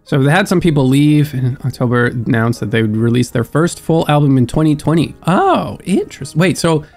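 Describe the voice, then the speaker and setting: A man's voice: mid-range voice, fairly quick. Stuffy-nosed young man reacting to music. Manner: excitable, laughs often, muses aloud. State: stuffed-up nose. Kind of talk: casual reaction commentary. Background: faint music.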